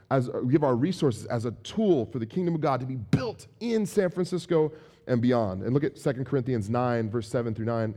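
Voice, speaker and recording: A man preaching a conversational sermon, animated and acting out everyday examples. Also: mid-range voice. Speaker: pastor.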